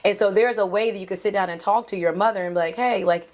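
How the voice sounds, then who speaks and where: A woman's voice: mid-range voice, steady tone, racing, darkish tone. Woman co-host giving advice, frank and earnest, lots of "like" and "you know". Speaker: podcast co-host. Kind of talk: casual advice chat.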